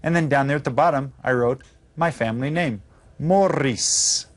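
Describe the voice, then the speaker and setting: A man teaching a children's language lesson, modeling phrases slowly and clearly for the class to repeat. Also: medium pitch. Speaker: Spanish teacher.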